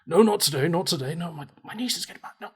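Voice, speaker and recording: A large, anxious orc in fancy clothes, flustered that his big day might be ruined, voiced by a man running a tabletop game. His voice jumps high as he frets and fusses. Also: lively intonation, fast, breathy edge. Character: large fussy male orc wedding host.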